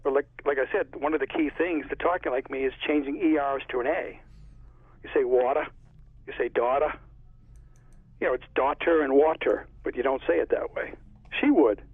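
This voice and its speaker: A man's voice: on the high side, quick pace, no room sound. A man with a Connecticut accent, an author chatting in a casual interview and rambling through stories. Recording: tinny phone line, husky.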